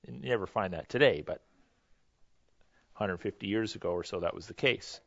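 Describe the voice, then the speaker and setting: A man's voice: fairly low pitch, a little fast, gravelly, dry recording, highs cut off. Conversational man giving a history lecture. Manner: conversational, loose, self-correcting, many fillers. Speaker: teacher.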